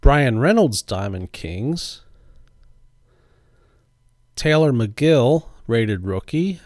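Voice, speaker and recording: Slow, dry-voiced man narrating pack openings. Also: mid-range voice, sing-song, darkish tone, no echo. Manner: slow, deliberate, lilting commentary. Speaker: card collecting channel host. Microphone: voice-over recorded after the footage.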